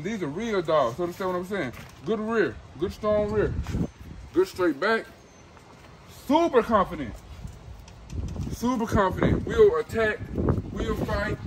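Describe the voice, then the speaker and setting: A man's voice: sits high, background noise. A young man filming with his phone outdoors, selling puppies in a hyped, slangy way and repeating himself a lot. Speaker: dog breeder. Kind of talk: casual sales video.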